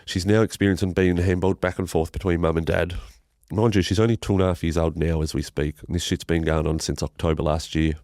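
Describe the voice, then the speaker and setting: An Australian man telling a painful personal story as a podcast guest, halting and emotional, swearing and restarting his sentences. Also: sits low, fairly even intonation, a little mellow, dry recording, studio quality.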